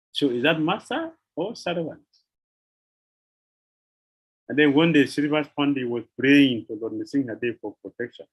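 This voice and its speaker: A man giving a devotional lecture, telling sacred stories with rhetorical questions and an animated, questioning manner. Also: mid-range voice, slightly rough, low-quality recording. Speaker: spiritual teacher.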